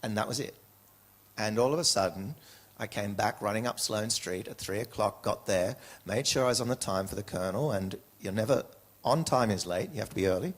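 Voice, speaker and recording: A middle-aged Australian man, an educator, telling stories from his past as a guest in an interview, lively and anecdotal with frequent self-corrections. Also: on the low side, a little fast, husky. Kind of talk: storytelling in an interview.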